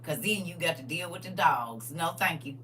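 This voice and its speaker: A woman hosting a casual livestream, reading viewer comments aloud and preaching in a lively way with frequent laughs. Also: low-pitched, moderate pace, far from the mic, soft background music. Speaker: livestream host.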